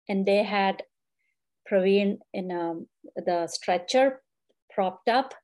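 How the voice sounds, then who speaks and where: A woman's voice: medium pitch, a little mellow. A middle-aged woman, a grieving mother in an interview, earnestly recounting events and quoting what people said to her. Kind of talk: emotional personal account.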